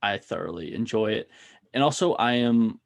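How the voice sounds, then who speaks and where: Easygoing host with a lively pitch. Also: male voice, moderate pace, creaky. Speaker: podcast host. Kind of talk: casual interview chat.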